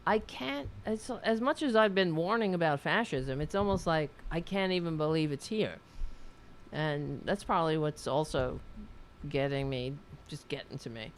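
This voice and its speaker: A woman's voice: low-pitched, normal speed, a little hiss or hum. A woman hosting a political talk show, talking with a caller in a blunt, outspoken way, swearing freely and often restarting her sentences.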